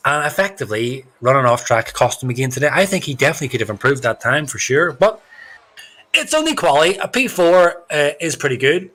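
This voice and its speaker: A man doing excitable, chatty, joking commentary on a live sim racing stream. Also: on the high side, brisk. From Ireland. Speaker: race commentator. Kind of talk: live esports race commentary.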